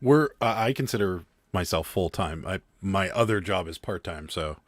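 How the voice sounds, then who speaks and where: A man's voice: deep voice, lively intonation, moderate pace, no room sound. A man who is a guest on an online panel, telling a story in a rambling way with many restarts over a video call. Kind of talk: casual storytelling chat.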